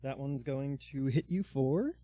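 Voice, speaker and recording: A man's voice: mid-range voice, unhurried, dark tone. A man narrating a tabletop game as dungeon master, in loose narration full of fillers.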